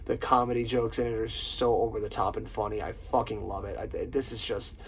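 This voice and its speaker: A man's voice: fairly low pitch, little pitch movement, fairly quick, a little hiss or hum, rough recording. A man hosting a casual movie countdown, swearing often and gushing about his favorite comedies. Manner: profane, enthusiastic, quotes lines in put-on voices. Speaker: host.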